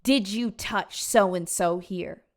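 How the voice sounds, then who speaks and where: A woman voicing a domineering, unhinged woman who interrogates with a hollow, forceful, accusing tone. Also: medium pitch, slow pace. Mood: interrogating.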